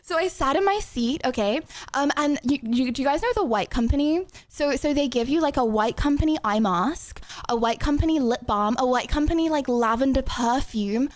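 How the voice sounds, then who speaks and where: Chatty high-voiced woman streaming. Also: expressive, normal speed, hardly any pauses, no echo. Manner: chatty, rambling, lots of "like" and "okay". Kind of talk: casual chat.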